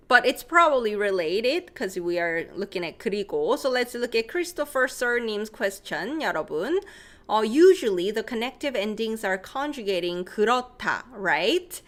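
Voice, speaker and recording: A woman from Korea with a Korean accent, teaching a live-streamed language lesson, reading out viewers' questions and explaining in English with Korean examples. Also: on the high side.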